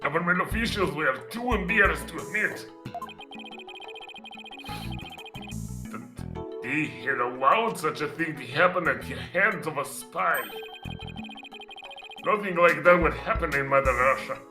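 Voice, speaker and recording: A man's voice: sits high, sing-song, moderate pace, hardly any pauses. Man putting on a Russian-accented space director, proud, grandiose, fan game dub, echoey room, music behind. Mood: solemn. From Poland. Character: proud male space center director, middle-aged. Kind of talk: fan voice-acting of a game script. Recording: roomy echo with music behind.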